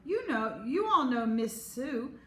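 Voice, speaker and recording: A woman voicing a calm, firm first-grade teacher. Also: a little high, slow, pitched above the performer's own voice. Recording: echoey room, faint hum.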